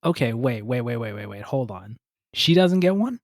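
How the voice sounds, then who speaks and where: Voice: mid-range voice, sing-song, moderate pace, a little mellow, no echo. Exasperated podcast co-host, dry sound. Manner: exasperated, comically complaining. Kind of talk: casual chat.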